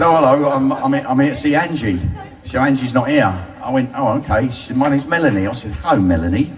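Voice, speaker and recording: An older man telling crude, cheeky stories live to a bar crowd, laughing at his own jokes. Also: mid-range voice. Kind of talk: live stand-up storytelling. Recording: distant mic, loud crowd.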